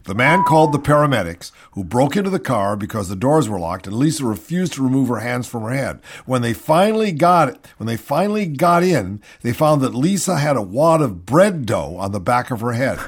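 A man's voice: mid-range voice, sing-song, a little fast, hardly any pauses, slightly rough, no echo. A man hosting a comic radio talk show, reading news items and telling stories with sardonic, mocking commentary.

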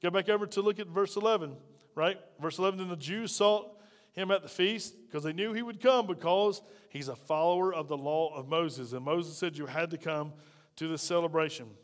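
A man preaching a sermon from a lapel mic, talking conversationally and acting out the quotes he reads, swinging between loud bursts and quiet asides. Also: fairly high pitch, normal speed, big-room sound. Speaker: pastor. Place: church hall.

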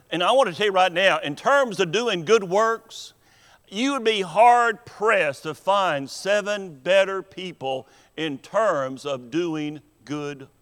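A man preaching a sermon in a church, earnest and deliberate, with emphatic pauses. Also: high voice, a bit bright. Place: church sanctuary. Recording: long hall reverb in a church.

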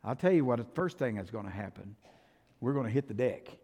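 A man preaching a sermon as pastor, folksy and direct with the congregation, swinging between hushed asides and loud, emphatic passages. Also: mid-range voice, lively intonation, a little fast, husky, big-room sound.

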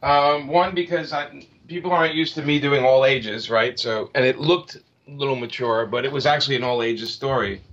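A man's voice: medium pitch, steady tone, normal speed, a bit bright. A man speaking as a comic book creator in a casual interview, rambling with many restarts and fillers. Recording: slightly dull lo-fi audio.

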